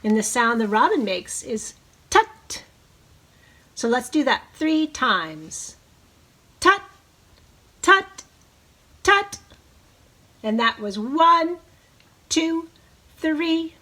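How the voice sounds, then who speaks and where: Slow, encouraging woman teacher reading aloud. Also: fairly high pitch, sing-song, sharp tone. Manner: slow, encouraging, leads bird-call imitations. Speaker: preschool teacher. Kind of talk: reading a picture book aloud to children.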